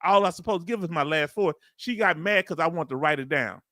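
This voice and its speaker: Bright-voiced chatty man. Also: a little high, fairly quick, no echo, studio quality. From United States. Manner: chatty, joking, addresses viewers as family. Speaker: YouTube host reacting to a hearing. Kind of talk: casual live-stream chat reading comments.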